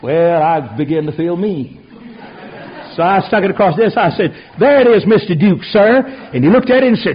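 An older man preaching a sermon, telling folksy stories that swing from quiet asides to loud outbursts. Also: a little high, animated, moderate pace, breathy edge. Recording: dull lo-fi radio recording.

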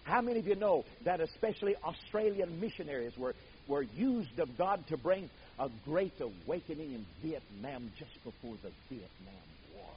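An older man preaching a sermon, telling stories dramatically, booming out some words and dropping others to a hush. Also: lively intonation, moderate pace, dull audio, slight background noise. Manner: dramatic storytelling, swings from booming to hushed.

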